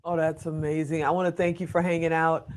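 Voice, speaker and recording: A woman's voice: deep voice, flat delivery, brisk, darkish tone. An older woman hosting an interview show, gushing over her guest and speaking frankly about herself. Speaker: host. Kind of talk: enthusiastic interview host chat.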